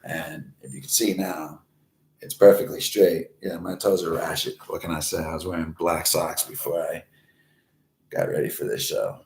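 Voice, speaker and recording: A man in his forties tells a crude, rambling story, swearing all the way through and raising his voice whenever he acts out a scene. His voice sits on the low side. The sound bounces around an echoey room. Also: normal speed, creaky. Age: 40s. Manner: crude, rambling, swears constantly, animated when reenacting. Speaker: host. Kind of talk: profane storytelling monologue. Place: Florida, United States.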